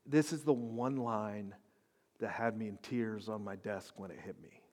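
A man preaching a sermon as pastor, dropping to whispers and rising to shouts. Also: on the low side, measured pace. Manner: swings from hushed whispers to loud shouted climaxes. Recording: long hall reverb.

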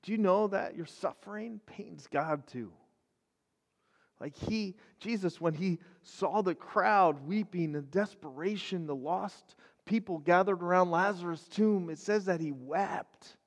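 Earnest high-voiced man preaching casually. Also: a little slow, long reverb tail. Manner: conversational, earnest, many fillers and restarts. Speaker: pastor. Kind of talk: casual sermon video.

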